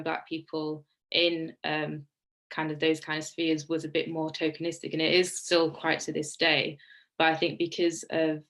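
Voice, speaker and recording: A woman speaking as a panelist in an online academic discussion, quick and self-correcting as she searches for words. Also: deep voice, fairly bright tone, poor audio. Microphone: video call.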